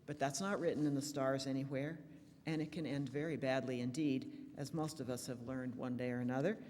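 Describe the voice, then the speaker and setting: A woman's voice: rumbling low, a little fast, slight background noise. Woman minister preaching in a reverberant church. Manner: warm storytelling, lively shifts in loudness. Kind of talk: sermon with jokes. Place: church sanctuary.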